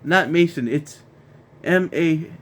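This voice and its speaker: A man's voice: on the high side, slow pace. A man hosting a casual wrestling review, ranting in an exasperated way, repeating himself and stumbling over restarts.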